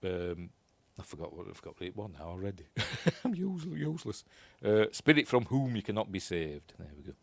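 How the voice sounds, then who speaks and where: Deep-voiced Yorkshire man rambling. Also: very animated, a little fast, gravelly, hardly any pauses, dry recording. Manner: rambling, unsure, chuckling asides. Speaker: film reviewer. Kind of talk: casual commentary over a film.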